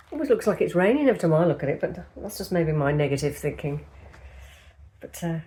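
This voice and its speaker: A woman's voice: sits low, sing-song, moderate pace, mellow, husky. A woman vlogger chatting casually to camera, rambling and speaking directly to the viewer, first at home and later outdoors in a park. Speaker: lifestyle vlogger.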